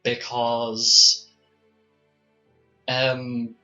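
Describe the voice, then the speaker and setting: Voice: medium pitch, monotone, very slow, bright, forceful tone, faint music behind, heavily acted. A game master voicing a flustered, embarrassed young man who stammers through an awkward question. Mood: nervous. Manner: hesitant, full of ums and stammers. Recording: dull lo-fi mic.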